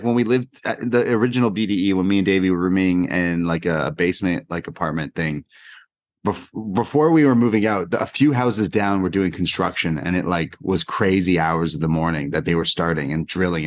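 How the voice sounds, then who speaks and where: A man co-hosting a casual podcast, telling an animated anecdote with lots of fillers. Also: sits low, no echo, clean studio sound. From Canada. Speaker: podcast co-host. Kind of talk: casual chat, storytelling.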